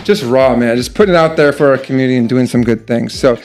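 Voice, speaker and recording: Upbeat excitable man hosting a podcast. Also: mid-range voice, quick pace. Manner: upbeat, excitable, repeats words. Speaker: podcast host. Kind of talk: casual chat.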